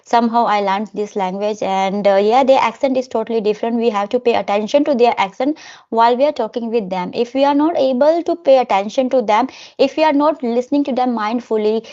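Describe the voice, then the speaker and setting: A woman with an Indian accent talks quickly in a relaxed chat, explaining things like a teacher. Her voice sits fairly high. The sound is dull and muffled, like online call audio. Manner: talks fast. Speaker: English teacher and YouTuber. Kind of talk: casual conversation.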